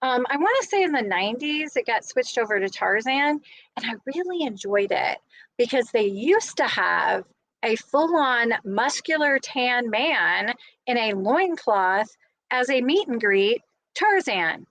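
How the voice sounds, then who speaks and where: A woman's voice: fairly high pitch, very animated, a little slow, a bit bright, low-quality recording. A woman vlogger chatting to her viewers in a casual, gushing, rambling recap. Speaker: vlogger host.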